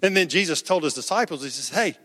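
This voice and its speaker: A man's voice: fairly high pitch, fast talker, a bit bright, big-room sound. A man preaching a sermon as pastor, conversational, raising his voice for quoted cries.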